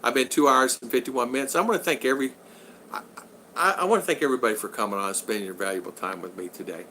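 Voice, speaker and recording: An older man from Utah hosts a casual livestream from his home, chatting and rambling through viewer questions in an upbeat mood. His voice is bright and forceful. A faint hiss of background noise runs under the talk. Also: mid-range voice, rapid-fire. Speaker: livestream host. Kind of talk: casual livestream chat reading viewer comments. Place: home in the Philippines.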